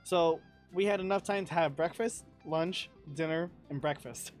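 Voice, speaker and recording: A man's voice: a little high, normal speed, faint music behind. A young man, a podcast guest, telling a travel story in casual chat, swearing freely and laughing as he talks. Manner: profane, animated, laughs through his story.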